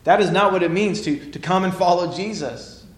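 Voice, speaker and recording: A male pastor preaches a sermon emphatically, swinging between loud declarations and hushed lines. His voice is high, his speed normal, and the room is echoey.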